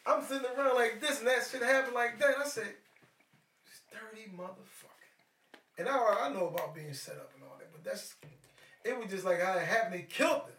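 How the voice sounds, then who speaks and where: A middle-aged man, a guest in a casual chat, telling stories in an animated, profane way. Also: high-pitched, fast, recorded from a distance. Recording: echoey room, off-mic.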